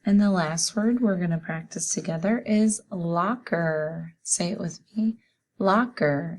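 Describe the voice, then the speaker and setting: A woman teacher leads a children's spelling lesson, sounding out each letter one at a time. Her voice sits a little low, and she talks very slowly and patiently.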